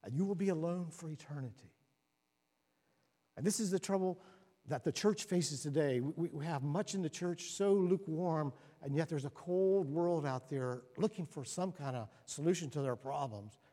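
Man preaching, fairly high voice, long hall reverb, animated storyteller. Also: moderate pace. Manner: animated storytelling, rising to excited, laughing highs. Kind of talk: sermon.

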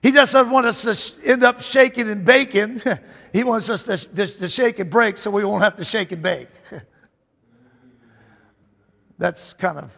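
A man's voice: sits high, normal speed, gravelly, fairly bright tone. A man preaching a sermon in a fervent, emphatic way, repeating phrases as he builds. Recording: long hall reverb.

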